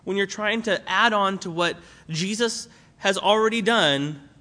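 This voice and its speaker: A man's voice: high voice, unhurried, pushed and bright. A young man preaching a sermon in a conversational way, with fillers and restarts as he explains a Bible passage. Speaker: pastor.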